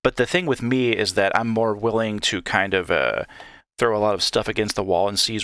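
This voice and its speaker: A man's voice: fairly low pitch, a little fast, fairly bright tone, dry recording. A man guesting on a podcast, chatting casually and laughing between points. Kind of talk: casual chat.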